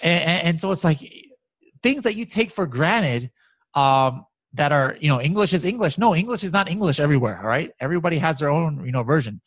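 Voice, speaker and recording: A man walking through software results on a shared screen in casual talk, animated and excited, with many fillers and restarts. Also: fairly high pitch, fairly quick, no echo. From United States. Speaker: guest software expert.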